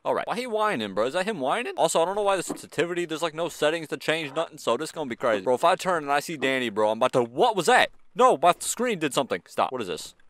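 A man hosting a horror game let's play, jumpy and excitable, chatting slangily to the characters on screen. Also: a little high, quick pace, hardly any pauses. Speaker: gaming channel host.

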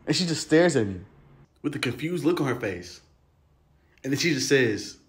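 A young man telling a story in a casual, slangy, animated way, acting out the voices himself. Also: on the high side, moderate pace, long pauses. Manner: animated, slangy, acts out every voice. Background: music.

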